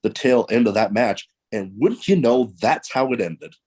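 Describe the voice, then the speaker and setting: A man from the American Midwest hosting a casual chat, relaxed and halting, with long pauses. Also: mid-range voice, slightly rough, rough recording. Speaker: podcast host.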